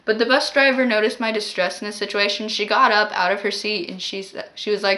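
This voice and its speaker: A woman's voice: medium pitch, steady tone, fairly quick, bright, forceful tone. A woman telling a story to her vlog in a casual, rambling way, full of "like" and exasperated asides. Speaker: vlogger.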